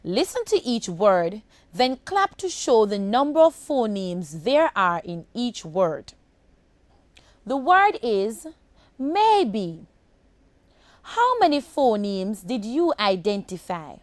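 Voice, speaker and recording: A woman teaching a phonics lesson to children on broadcast television, speaking slowly and enunciating each sound with care. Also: mid-range voice, very animated, no room sound. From Jamaica. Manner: slow, deliberate, clearly enunciated.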